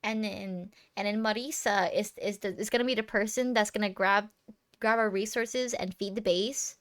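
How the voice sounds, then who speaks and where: A woman's voice: medium pitch, steady tone, normal speed, no echo. A young woman streamer chatting casually with her viewers, playful and teasing, giggling often and rambling with lots of fillers.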